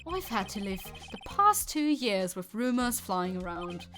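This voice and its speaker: A woman voicing a reserved young male prosecutor in a put-on British accent, reading his lines in a measured, formal way. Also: medium pitch, sing-song, music in the background. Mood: stiff, formal.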